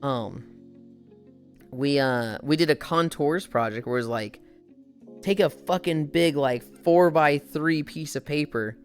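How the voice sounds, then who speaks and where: A woman's voice: deep voice, clear, resonant tone. A woman in her twenties streaming casually, telling profane stories and reading chat aloud.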